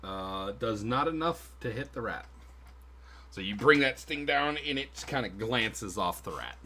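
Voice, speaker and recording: A man's voice: lowish voice, animated, unhurried, bright, forceful tone, slight background noise. A man running a tabletop game as game master, casual and swearing, with frequent laughs. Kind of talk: narrating a tabletop game on stream.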